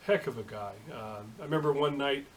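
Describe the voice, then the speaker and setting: A middle-aged man and home shop machinist telling a story in a casual vlog, halting, with many fillers and restarts. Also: medium pitch, slight background noise, poor audio.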